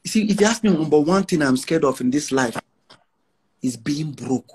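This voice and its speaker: A man's voice: on the high side, lively intonation, moderate pace, darkish tone, a little hiss or hum. A Nigerian man in his forties, a musician giving an interview, talking in an emphatic, boastful way in Nigerian English mixed with Pidgin, often repeating himself.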